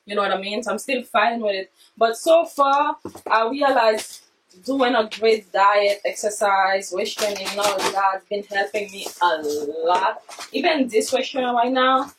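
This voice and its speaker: A woman vlogging casually from her basement, chatting straight to viewers, excitable and swearing freely. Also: mid-range voice, moderate pace, distant mic, slight background noise, poor audio. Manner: excitable, swearing, talks straight to viewers, non-native grammar. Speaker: vlogger unboxing her own fitness products. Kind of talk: casual unboxing vlog. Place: home basement.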